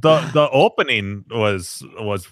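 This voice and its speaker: A man co-hosting a casual podcast chat, animated and joking, often restarting his sentences. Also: fairly low pitch, slow pace, a loud crowd. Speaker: podcast co-host.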